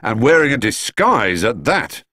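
A man's voice: mid-range voice, very animated, measured pace, sharp tone, no echo, studio quality, voice pushed up, full character voice. A man voicing an official, questioning policeman in a storybook reading. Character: gruff, questioning first policeman.

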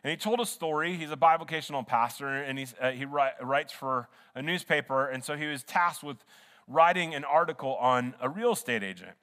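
A man's voice: medium pitch, fairly quick, pushed and bright. A man preaching a sermon as pastor in a church, earnest and conversational, often restarting his sentences. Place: church sanctuary. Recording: long hall reverb in a church.

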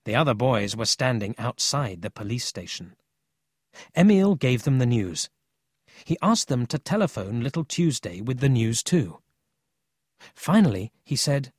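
Expressive, husky-voiced male storyteller. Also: mid-range voice, normal speed, no room sound, clean studio sound. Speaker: audiobook narrator. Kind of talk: scripted narration of a children's book.

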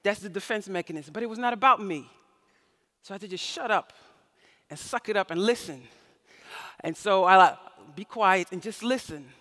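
A woman's voice: mid-range voice, moderate pace, long pauses, a bit bright. A woman giving a conference keynote speech, telling stories expressively and acting out the voices of the people she quotes. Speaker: keynote speaker. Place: large conference hall. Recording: reverberant hall.

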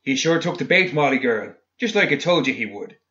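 A man's voice: medium pitch, big pitch swings, a little fast, close to an everyday voice. A man voicing an unhinged killer who talks in a wheedling, gleeful, conspiratorial way. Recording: dull lo-fi audio.

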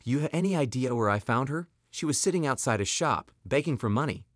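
Brief: soft-spoken, reassuring young man voiced by a male narrator, lively intonation, dry close sound. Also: mid-range voice, brisk, no room sound, lightly acted. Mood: earnest. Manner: gentle, reassuring. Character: kind, patient young man helping a girl.

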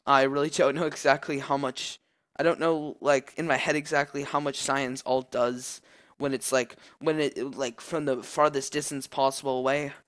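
A young man commenting on his own video game match as he plays, chatty with many fillers and loud outbursts at big moments. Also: medium pitch, level tone, moderate pace. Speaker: gameplay commentator. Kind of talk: live gameplay commentary.

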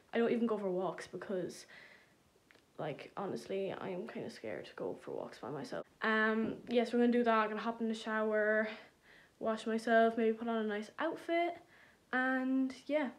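A young woman, chatting casually and rambling with self-deprecating humor in a vlog filmed on her phone at home. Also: medium pitch. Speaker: vlogger. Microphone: phone camera.

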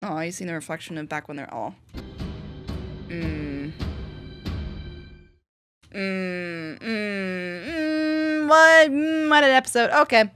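A woman's voice: mid-range voice, slow pace, pauses often, sharp tone, faint music behind. A young woman hosting a reaction video, chatting casually and breaking into shrieks and laughs.

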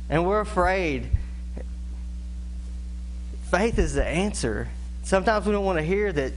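A middle-aged man preaches a sermon, his voice sitting a little high. He tells stories in a folksy, laughing way and breaks into imitations of animal calls as he goes. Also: big pitch swings, normal speed, long pauses, slight background noise. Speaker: pastor.

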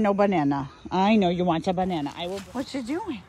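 A woman's voice: on the low side, sing-song, a little fast, hardly any pauses, warm tone, a little hiss or hum. A woman at an animal rescue, talking to her animals in a cooing, sing-song baby-talk voice for a casual vlog.

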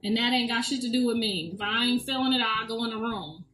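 A woman's voice: a little high, fast talker, fairly bright tone. A middle-aged woman hosting a casual livestream chat, blunt and profane, laughing often. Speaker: show host. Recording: echoey room, distant mic, faint music.

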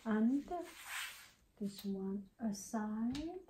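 A woman giving a soft-spoken ASMR tech tutorial at her home desk, talking haltingly and drifting into whispers, close on a handheld mic. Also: fairly high pitch, lively intonation, noisy background. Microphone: close handheld mic with pop cover.

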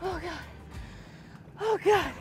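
A young woman vlogging from a fishing boat outdoors, chatting casually and bursting into excited shouts. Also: extremely high pitch, slow, over music. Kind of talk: casual vlog commentary.

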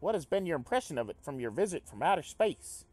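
Game figure: an upbeat male communist troll, loud and preachy, put on by a man reading. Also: big pitch swings, quick pace, faint music behind. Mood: cheerful. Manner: booming, earnest, speechifying. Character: cheery earnest communist male alien troll.

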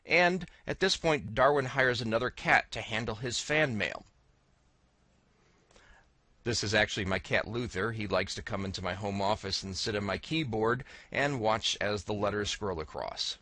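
Wry, bright-voiced male narrator. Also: fairly low pitch, normal speed, dry recording. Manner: wry, deadpan storyteller reading out comments. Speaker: video creator narrating his own story. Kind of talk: casual narrated video diary.

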